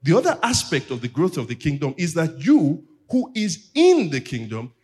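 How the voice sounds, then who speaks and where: A pastor delivering a teaching sermon in church, calling on the congregation to repeat after him. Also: male voice, a little high, wildly swooping pitch, normal speed, a little mellow, husky.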